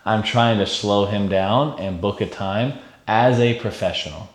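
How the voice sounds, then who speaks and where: A man teaching insurance sales techniques in an energetic coaching manner, often checking in with "okay?". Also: fairly low pitch, unhurried, roomy sound. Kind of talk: sales training lesson.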